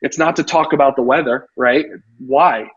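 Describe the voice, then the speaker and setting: Guy coaching real estate, chatty storyteller, kinda husky, muffled audio. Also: mid-range voice, moderate pace. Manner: animated storyteller, frequent "you know". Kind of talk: casual interview chat. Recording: dull lo-fi audio.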